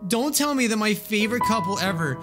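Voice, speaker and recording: Excitable laughing gaming commentator man. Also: high-pitched, fairly quick. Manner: excitable, laughs often, dramatic. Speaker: gaming YouTuber. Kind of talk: game reaction commentary. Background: game music.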